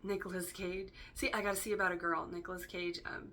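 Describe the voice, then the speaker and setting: A woman reads tarot cards in a loose, chatty way, peppering her talk with fillers and casual swears. Her voice is bright and forceful and sits slightly low. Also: level tone, fairly quick, few pauses, a little hiss or hum. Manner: chatty, filler-heavy, casually profane, keeps asking "right?". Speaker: tarot reader. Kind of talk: casual spoken tarot reading.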